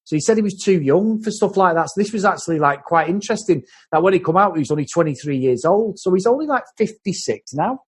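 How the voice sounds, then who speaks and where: A man's voice: sits high, animated, fast, few pauses, husky. A man co-hosting a podcast, casually sharing film trivia and swearing now and then. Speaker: podcast co-host.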